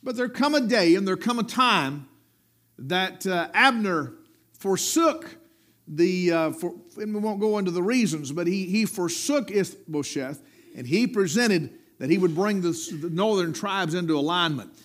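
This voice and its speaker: A middle-aged man preaching a sermon, with rising emphatic peaks and low dropped endings. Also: lively intonation, a little slow, fairly bright tone.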